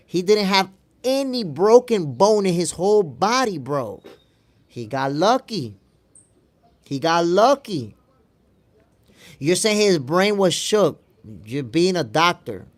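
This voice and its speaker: A man hosting a boxing stream, arguing his point emphatically, repeating lines for stress and answering chat. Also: fairly high pitch. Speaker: boxing show host. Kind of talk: live stream commentary reading chat.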